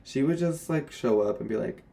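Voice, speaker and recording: A man's voice: medium pitch, animated, normal speed, vocal fry, dark tone. A young man, a former retail worker, speaking to camera in a candid, sassy and blunt rant about old coworkers.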